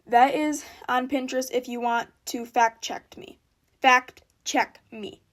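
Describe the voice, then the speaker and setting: A woman's voice: high-pitched, fairly even intonation, measured pace, fairly bright tone. A teenage girl reading a prepared statement to camera, often stumbling and restarting her lines with flustered asides. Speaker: vlogger.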